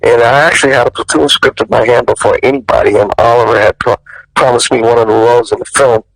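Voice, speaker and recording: A male actor telling stories as an interview guest, lively and profane, jumping up in pitch when he quotes people. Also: fast, no echo, poor audio. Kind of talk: animated storytelling in an interview.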